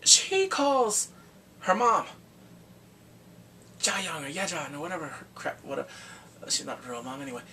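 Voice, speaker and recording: A man recapping a TV drama in casual talk, acting out the characters' lines in quick animated bursts. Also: a little high, creaky, far from the mic, a little hiss or hum. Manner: animated, acts out quotes from the show in quick bursts. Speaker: drama reviewer.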